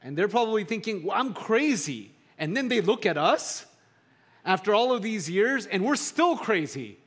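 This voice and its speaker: A middle-aged man preaching a sermon in a conversational, animated way, building to emphatic peaks. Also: high voice, moderate pace. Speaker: pastor.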